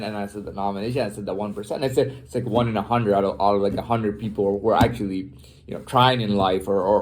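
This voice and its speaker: A man's voice: mid-range voice, darkish tone, a little hiss or hum. A man talking in a rambling, boastful casual monologue, profane and repetitive, full of fillers and restarts.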